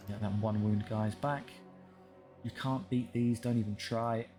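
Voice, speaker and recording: A man with a fairly low voice talks his way through a strategy game, muttering at his units with dry, frustrated asides. Game music plays clearly behind him. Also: fairly even intonation, measured pace, warm tone. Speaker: gaming channel host.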